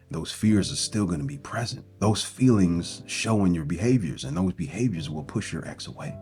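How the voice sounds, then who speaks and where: A man with a very deep, low voice talks as a breakup coach, earnest and encouraging, and drives his points home with one rhetorical question after another. Soft guitar music plays faintly underneath. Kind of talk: motivational self-help talk.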